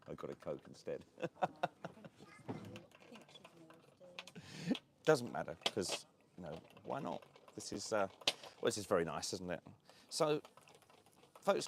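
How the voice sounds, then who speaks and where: A man's voice: sits low, background noise. A man hosting a casual live stream from an outdoor beachside cafe, chatting in a rambling way with lots of fillers and frequent laughs. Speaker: host of a property and lifestyle channel.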